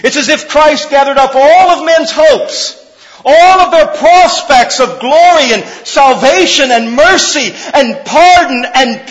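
A man's voice: very high voice, fairly bright tone, long reverb tail, rough recording. A man preaching a sermon in a fervent, emphatic manner, driving his points home with repeated phrases.

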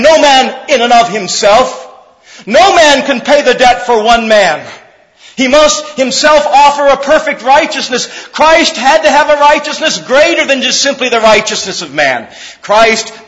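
High-pitched guy preaching, fervent and emphatic, lots of repeating lines, long hall echo. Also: a bit bright. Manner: fervent, emphatic, builds through repeated phrases. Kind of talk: sermon.

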